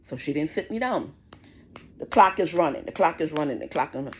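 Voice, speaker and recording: A woman's voice: low-pitched, lively intonation, brisk. A woman, ranting indignantly to camera, swearing often and repeating herself as she tells the story. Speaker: vlogger. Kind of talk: casual rant to camera.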